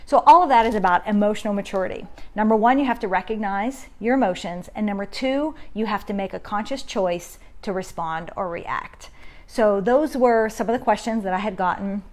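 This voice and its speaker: A woman's voice: medium pitch, fairly quick. A woman in her thirties hosting a casual parenting live stream from home on her phone, talking conversationally and acting out inner self-talk. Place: home, indoors. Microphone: phone camera.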